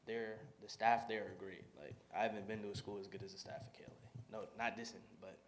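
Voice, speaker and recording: A man's voice: on the low side, little pitch movement, brisk, slight background noise. A man student on a school board meeting panel. He speaks hesitantly and stumbles over his words. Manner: hesitant, stumbling, self-admitted stutter. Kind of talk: meeting discussion.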